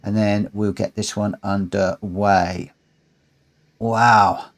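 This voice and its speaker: A man's voice: medium pitch, normal speed, darkish tone. Chatty man streaming races. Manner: chatty, friendly, reads results aloud. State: out of breath. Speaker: streamer hosting online races. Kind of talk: casual live-stream commentary. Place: home room.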